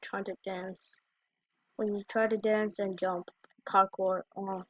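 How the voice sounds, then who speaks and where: A woman's voice: mid-range voice, level tone, takes it slowly, dry recording. A woman giving casual reaction commentary on fail clips as a YouTuber, exclaiming short reactions. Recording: dry, dull lo-fi recording.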